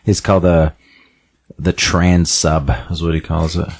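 A young adult man hosting a podcast, recapping a comic in a casual, halting way with many fillers and repeated words. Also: low voice, flat delivery, husky, no room sound.

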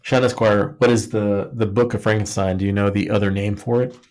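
He speaks fairly quickly in a low, steady, slightly mellow voice. The man is co-hosting a podcast, chatting loosely and jokily about history while overusing "like" and restarting often.

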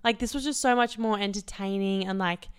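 A woman's voice: mid-range voice, brisk, clear, resonant tone. A young woman co-hosting a podcast, recounting a night out in a breezy, filler-heavy way. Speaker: podcast co-host. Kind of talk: casual chat.

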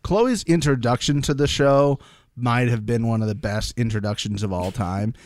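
A man co-hosting a casual recap podcast, telling stories in an animated way with frequent swearing. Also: mid-range voice, moderate pace. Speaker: podcast co-host.

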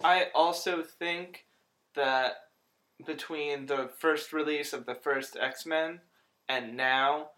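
A man's voice: fairly high pitch, fairly even intonation, slow pace, a bit bright. A man co-hosting a casual podcast chat, joking around. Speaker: podcast co-host.

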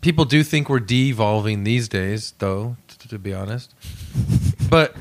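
A man's voice: lowish voice, unhurried. A man co-hosting a comedy podcast, breaking in with glib, crude jokes and mock outrage. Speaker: co-host. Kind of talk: casual comedic podcast banter.

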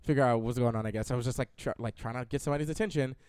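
A young man, telling a long story on a casual podcast in an animated, profane way and acting out other people's lines. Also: medium pitch, racing, clear, resonant tone. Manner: animated, profane storyteller who acts out quotes. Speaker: podcast co-host.

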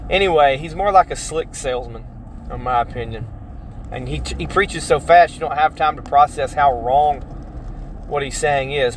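A man's voice: on the high side, a little hiss or hum. Rambling man with a raised voice. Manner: rambling, self-correcting, mimics other people's voices in quotes. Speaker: podcast host. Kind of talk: casual opinion monologue.

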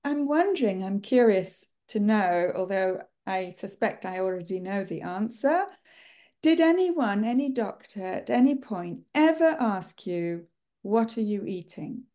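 A woman's voice: mid-range voice, expressive, a little slow, warm tone. A woman hosting an interview, curious, stepping in with questions. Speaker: podcast host.

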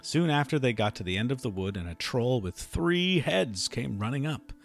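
A man's voice: medium pitch, gravelly, faint music behind. Man reading a fairy tale aloud. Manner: expressive, measured storytelling. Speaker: storyteller.

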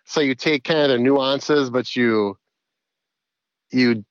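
A man's voice: medium pitch, takes it slowly, smooth, no echo. A middle-aged man co-hosting a podcast, rambling and playful in loose banter. The recording sounds a little dull and lo-fi, with dry, close audio and no room around him. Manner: rambling, playful, does auctioneer patter. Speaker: podcast co-host. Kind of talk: casual comedic chat.

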